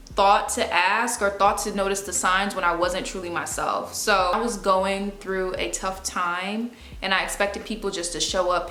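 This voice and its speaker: A woman's voice: medium pitch, a bit bright, echoey room. A young woman talking to camera in a casual, candid way, using slang and speaking expressively. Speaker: video host. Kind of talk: casual confessional talk to camera.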